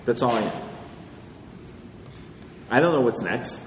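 A man's voice: mid-range voice, animated, unhurried. Man lecturing in an echoey hall. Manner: conversational, lecturing, checks in with "okay?". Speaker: author answering audience questions. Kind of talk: live Q&A talk. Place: large hall with audience. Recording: echoey hall, faint noise.

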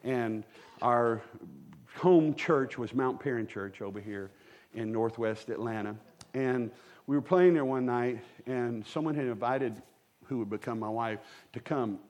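A man's voice: mid-range voice, a little mellow. Male pastor, folksy and joking, tells personal stories from the pulpit to a live congregation. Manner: folksy, humorous storyteller with quick asides to the congregation. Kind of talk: storytelling sermon. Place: church sanctuary with a live congregation.

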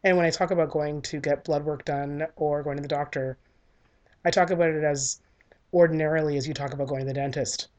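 A woman's voice: deep voice, darkish tone. Candid woman telling a personal story. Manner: candid, earnest and conversational. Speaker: speaker sharing a personal story.

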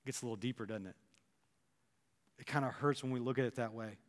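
A man preaching a sermon as pastor, animated and acting out the imagined thoughts of his listeners. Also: medium pitch, fast talker, in a large hall.

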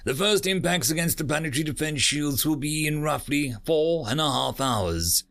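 Practical grim military captain, read by a male narrator, brisk briefing delivery, gravel in the voice. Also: fairly high pitch, lively intonation, a bit bright, soft background music, voice pushed up.

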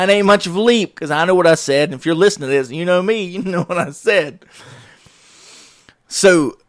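A middle-aged man telling casual stories as a podcast host, animated and jokey, often laughing through what he says. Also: high voice, no room sound, studio quality. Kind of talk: casual storytelling monologue.

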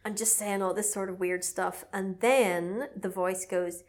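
A woman recapping a film in casual chat, animated, often acting out characters' lines in silly voices. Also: medium pitch, measured pace, few pauses. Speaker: podcast co-host recapping a film.

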